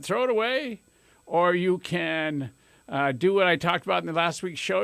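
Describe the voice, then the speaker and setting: Gravelly-voiced man coaching callers on radio. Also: high voice, a bit bright, no echo. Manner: folksy, coaxing, acts out sample replies. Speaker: radio talk show host. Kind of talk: coaching call-in talk.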